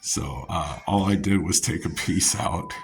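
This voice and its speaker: Male vlogger, deep voice, loose meandering storyteller who laughs at his own tales. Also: a little slow. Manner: meandering, chuckling, many restarts and fillers. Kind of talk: rambling personal storytelling.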